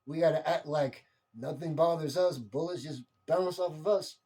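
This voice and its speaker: A man's voice: on the high side, moderate pace, mellow. A young man delivering an impassioned monologue rant, heated and repetitive, swearing freely.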